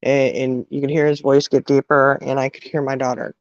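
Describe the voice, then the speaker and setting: A middle-aged woman telling an emotional personal story, halting, with many restarts and fillers. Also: rumbling low, flat delivery, no echo. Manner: halting, full of "you know" and restarts. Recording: dull, dry sound.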